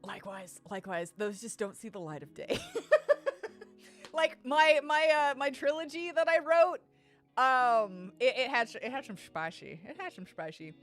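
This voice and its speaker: A woman's voice: on the high side, expressive, normal speed, fairly bright tone, soft background music. A woman streamer chatting casually with her live viewers, candid and chatty, laughing often. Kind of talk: casual chat with live viewers while gaming.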